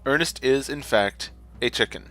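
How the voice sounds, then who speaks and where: A man hosting a gaming channel gives casual let's-play commentary at a moderate pace, his medium-pitched voice fairly bright. He rambles, cracks jokes, and often corrects himself partway through sentences, over faint background music.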